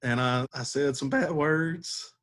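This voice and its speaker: A man's voice: fairly high pitch, slow, a bit bright. A man, a podcast guest telling a story in a laid-back way and laughing as he goes. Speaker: podcast guest, former catcher. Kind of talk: casual storytelling.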